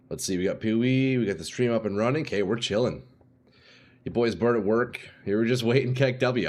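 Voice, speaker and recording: The streamer's voice is fairly low and darkish, with lively intonation at a moderate pace. He chats casually and slangily with his viewers, calling them "dude" and "boys."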